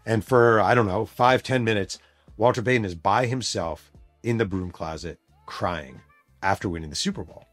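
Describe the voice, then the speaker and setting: A man's voice: on the low side, normal speed, dry recording, faint music behind. A man hosting a podcast, telling a story in a casual, emphatic way with plenty of swearing. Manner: emphatic, profane, animated storyteller. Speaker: podcast host and author.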